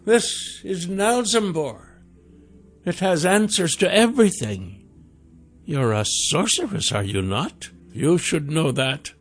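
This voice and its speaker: A man voicing a tall, mysterious woman in black robes who is over a hundred years old, warm and soothing. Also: fairly high pitch, animated, slow, faint music behind, pitched above the performer's own voice, heavily acted. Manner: gentle, coaxing.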